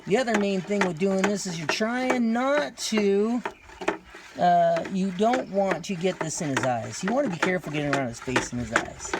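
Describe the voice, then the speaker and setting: A man's voice: high-pitched, moderate pace, heavy background noise. A man casually explaining how to wash his dog, joking and rambling to viewers, recorded on a phone outdoors at night over running water. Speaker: dog owner demonstrating. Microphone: phone camera held by another person.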